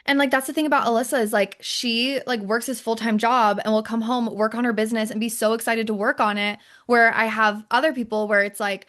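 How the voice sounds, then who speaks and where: A young adult woman hosting a podcast, talking in an animated, casual way with lots of fillers. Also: fairly high pitch, fairly quick, few pauses. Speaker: podcast host. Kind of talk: casual chat.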